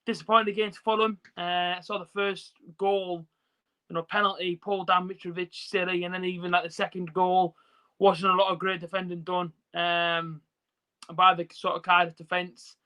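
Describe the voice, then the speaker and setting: Bright-voiced man chatting on a live stream. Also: high-pitched, level tone, moderate pace, clear, resonant tone, rough recording. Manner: chatty, reads out viewer comments, lots of fillers. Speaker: football watch-along streamer. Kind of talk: casual live stream chat. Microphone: phone.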